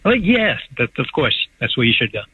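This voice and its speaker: A man's voice: medium pitch, sing-song, fast, slightly rough, dry recording. A man in his sixties, a patient calling in to a show, who talks in a rambling, enthusiastic way and repeats words as he goes. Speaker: patient guest. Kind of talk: casual phone-in chat. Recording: tinny phone line on radio.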